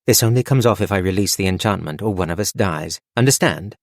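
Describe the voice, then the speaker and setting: A man voicing a severe, no-nonsense elf woman warrior in an audiobook, speaking briskly. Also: sits low, lively intonation, no room sound, studio quality.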